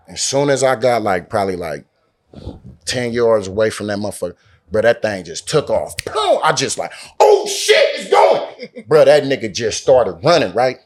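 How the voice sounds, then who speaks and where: A man from Oakland, an interview guest telling a story casually and animatedly, acting out the dialogue and swearing often. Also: on the low side. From Oakland, California. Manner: animated, acts out quoted dialogue, heavy slang and swearing. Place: lounge in a Las Vegas resort.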